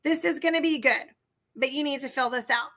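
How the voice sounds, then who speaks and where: A woman with a high, bright voice hosts a livestream as a sales coach. She chats warmly and enthusiastically, speaking straight to her viewers. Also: fairly quick. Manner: enthusiastic, chatty, addresses viewers directly. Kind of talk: casual livestream talk to viewers.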